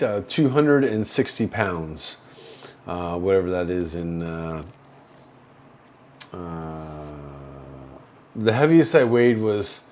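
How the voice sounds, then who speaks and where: A man from Canada hosting a casual livestream from a hospital room, rambling slowly with many fillers, drowsy and slurring from painkillers. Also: lowish voice, darkish tone, a little hiss or hum. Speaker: livestream host. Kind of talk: casual livestream chat reading viewer comments.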